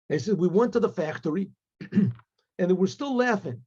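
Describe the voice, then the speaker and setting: A rabbi tells a story in a husky, high-pitched male voice with a mellow edge. He talks in a halting way, stops to explain words, and restarts often. The recording sounds dull and lo-fi. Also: animated. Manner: halting, many restarts and asides. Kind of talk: storytelling talk.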